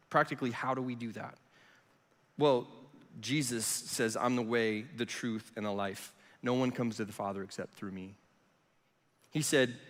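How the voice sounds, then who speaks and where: A man's voice: medium pitch, a bit bright. A man in his thirties, a student pastor giving a youth sermon in a conversational, storytelling way. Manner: storytelling, conversational, self-deprecating. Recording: long reverb of a large hall.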